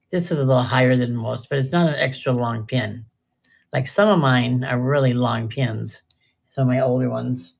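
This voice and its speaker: A woman's voice: a bass voice, vocal fry, slightly rough. An older woman chatting casually and rambling through a live jewelry sale, often trailing off mid-sentence. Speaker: live-stream jewelry seller.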